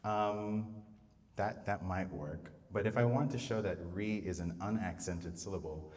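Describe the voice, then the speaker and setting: A man's voice: lowish voice, unhurried, darkish tone. A man composer talking through how he sets words to music, thinking aloud with fillers and restarts. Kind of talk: live talk on setting words to music. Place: public venue. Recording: distant mic in a reverberant space.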